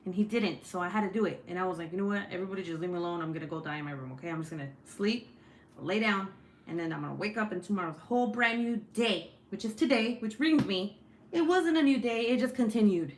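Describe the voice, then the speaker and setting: A young woman chatting casually at home, telling profane stories and acting out the quotes in lively bursts. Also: medium pitch, fast, a little hiss or hum. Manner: profane, animated, acts out quotes. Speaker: craft vlogger. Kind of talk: casual storytelling chat.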